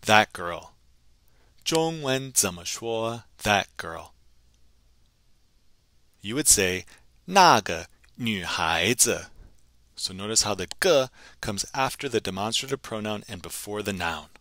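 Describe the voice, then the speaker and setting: A man teaching a recorded language lesson, patiently explaining grammar and repeating phrases slowly for learners to copy. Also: on the low side, lively intonation, pushed and bright, dry recording. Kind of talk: pre-recorded lesson narration.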